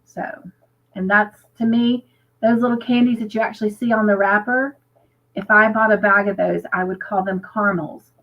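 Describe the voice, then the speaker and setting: A woman's voice: mid-range voice, fairly even intonation, normal speed, lo-fi sound. An American woman hosting a casual livestream chat, upbeat and chatty, reading viewer comments aloud. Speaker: livestream host.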